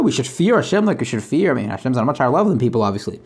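Quick, chatty male Talmud teacher who translates and explains each line as he goes. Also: mid-range voice, very animated, a little mellow, breathy edge. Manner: translates line by line, restarts phrases, conversational asides. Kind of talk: casual Talmud class.

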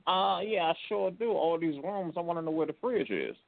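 A man's voice: fairly high pitch, animated, moderate pace, gravelly, no echo. A man joking in casual banter as a guest on an online radio show. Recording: tinny phone line, dry.

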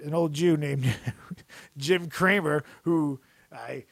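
Man, fairly high voice, joking co-host who rambles, laughs a lot, dry close sound. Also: takes it slowly, gravelly, long pauses, no echo. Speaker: podcast co-host. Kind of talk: casual chat.

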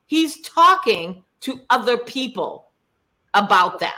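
A woman co-hosting a casual recap chat over a video call, blunt and animated, acting out what others said. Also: fairly high pitch, takes it slowly. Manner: blunt, animated, acts out quotes. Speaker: podcast co-host.

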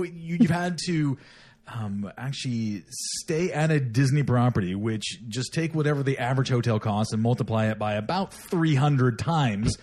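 Animated, teasing podcast host man. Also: fairly high pitch. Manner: playful, teasing, jokey. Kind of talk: casual chat.

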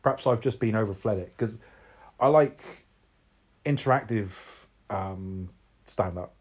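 A man's voice: fairly low pitch, measured pace, slightly rough. A man chatting casually as co-host, rambling and searching for words as he talks. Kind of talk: casual chat.

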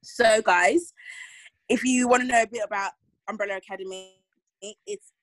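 A woman's voice: fairly high pitch, moderate pace, no room sound, poor audio. A young woman co-hosting a podcast, chatting casually and correcting herself as she reviews a series. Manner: chatty, rambling, self-correcting. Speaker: podcast co-host.

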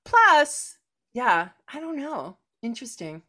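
A woman's voice: high-pitched, big pitch swings, slow pace, bright, forceful tone. A woman co-hosting a podcast in casual chat, acting out scenes with playful quoted voices and sound effects. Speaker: podcast co-host.

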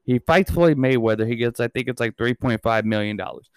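A man in his thirties rambles through a casual podcast chat, cursing freely as he goes. His voice is smooth and resonant, recorded close and dry with no room sound. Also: medium pitch, brisk, no echo. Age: 30s. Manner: rambling and heavily profane. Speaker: podcast and channel host.

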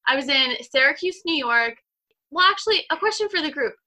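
Here a podcast co-host, a woman in her twenties, talks casually over a video call in an upbeat way, filling her speech with fillers. She sounds high-pitched, animated and brisk, with a sharp tone.

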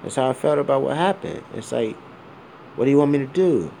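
A man's voice: medium pitch, expressive, a little fast, vocal fry, mellow, slight background noise. A man of around forty talking bluntly and with plenty of swearing in a rambling personal monologue, full of fillers and repeated asides.

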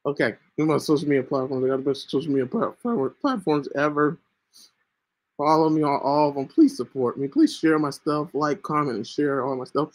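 This Christian podcast host speaks a little fast in a slightly high voice as he earnestly walks through Bible teaching on his own show. He keeps asking "right?" and gets interrupted now and then by fits of coughing. The sound comes from a home computer mic, with screen sharing running.

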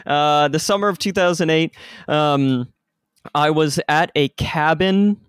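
A man's voice: on the high side, takes it slowly, a bit bright, clear, resonant tone, dry recording. Male co-host in his twenties, playful banter, dry recording. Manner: jokey, playful. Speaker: podcast co-host. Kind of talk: casual podcast chat.

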